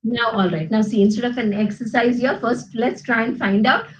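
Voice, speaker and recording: A woman's voice: a little high, steady tone, moderate pace, low-quality recording. A woman teaching grammar to a class, patiently explaining and checking in with "you know" and "okay?". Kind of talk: classroom lesson with student responses.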